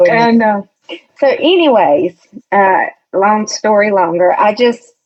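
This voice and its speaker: A woman guest tells a personal story in an easygoing, unhurried way. She speaks at a middling pitch and acts out the voices of the people in her story. The audio is a little muffled and lo-fi. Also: lively intonation. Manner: chatty storyteller who acts out quoted voices, laughs often. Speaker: podcast guest. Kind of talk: casual storytelling interview.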